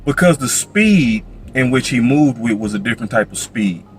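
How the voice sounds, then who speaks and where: A man giving sports commentary in a playful, animated way. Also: medium pitch, normal speed, soft background music. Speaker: sports show host.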